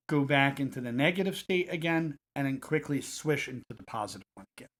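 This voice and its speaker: A man guiding listeners through a self-help technique in a calm, repetitive coaching cadence. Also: on the high side. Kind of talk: guided self-help instruction.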